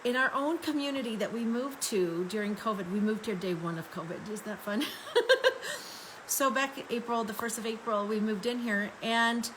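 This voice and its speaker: Talking briskly with hardly any pauses, this fairly high-voiced woman gives a friendly, upbeat live-stream tour of her home craft room. The Arizona native laughs a lot and greets viewers by name against a noisy background.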